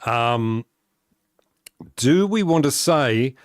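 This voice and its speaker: An Australian man talks easily through a live game stream, answering his chat and laughing a lot. His voice sits in a middle pitch. The sound is dry and close. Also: animated, drawn-out words, smooth, dry recording. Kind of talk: casual gaming stream chat.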